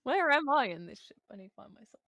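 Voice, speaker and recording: A woman player in a tabletop game, asking soft, unsure questions. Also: high-pitched, big pitch swings, fast talker, vocal fry, no echo, dull audio. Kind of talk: casual play at a tabletop game.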